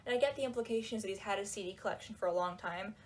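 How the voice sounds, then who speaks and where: A woman talking in a casual, animated and sarcastic way, with lots of "like"s, while she folds laundry. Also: medium pitch, racing. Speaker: book reviewer. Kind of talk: casual chat.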